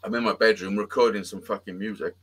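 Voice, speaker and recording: A man with a lowish, husky voice talks fast as host of a casual live-stream chat. His rambling story is packed with swearing, and he tells it animatedly, acting out the quotes.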